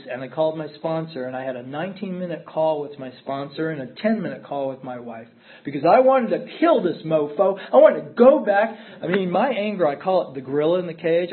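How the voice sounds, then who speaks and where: Middle-aged man sharing his story, tinny phone-like sound. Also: fairly high pitch. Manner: candid, emphatic storytelling with repeated phrases. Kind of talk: recovery meeting share.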